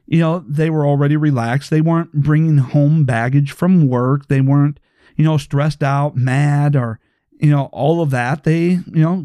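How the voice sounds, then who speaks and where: A man's voice: fairly high pitch, mellow, no room sound, studio quality. A man hosting a podcast, lecturing his listeners in a provocative way and firing rhetorical questions at them. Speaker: podcast host. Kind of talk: opinionated podcast monologue.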